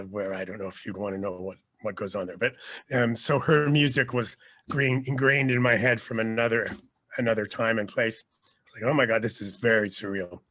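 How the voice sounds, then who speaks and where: Casual male guest, chatty storyteller, middle-pitched everyday voice. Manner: rambling storyteller, lively, often restarts. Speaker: guest, actor and teacher. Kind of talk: casual podcast interview.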